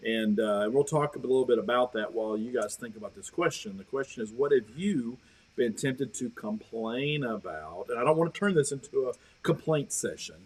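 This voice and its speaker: A man leading a church Bible study livestream, guiding the group with questions and gentle teasing. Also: mid-range voice, expressive, moderate pace, slightly rough, rough recording. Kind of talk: casual livestream discussion.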